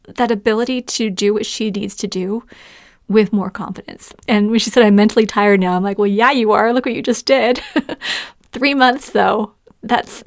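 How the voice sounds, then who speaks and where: A woman hosting a solo podcast, talking with bright enthusiasm, often laughing as she shares listener stories. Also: mid-range voice, dry recording, studio quality. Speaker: podcast host. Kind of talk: casual solo podcast talk.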